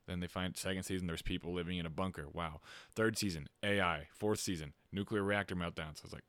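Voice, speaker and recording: A man co-hosting a podcast, ranting in an animated, exaggerated way during casual chat. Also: sits low, a little fast, no echo. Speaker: podcast co-host.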